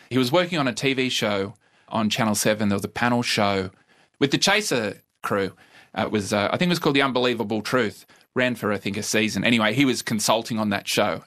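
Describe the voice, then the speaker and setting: A middle-aged Australian comedian telling stories in a podcast interview, with a laconic, dry and wry delivery. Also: male voice, on the low side, a bit bright. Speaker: comedian guest. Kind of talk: casual storytelling interview.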